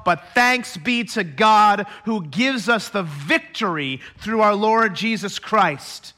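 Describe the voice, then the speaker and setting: Bright-voiced preaching man. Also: sits high, takes it slowly, few pauses. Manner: emphatic preaching, builds to loud climaxes. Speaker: pastor. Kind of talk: sermon. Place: church stage.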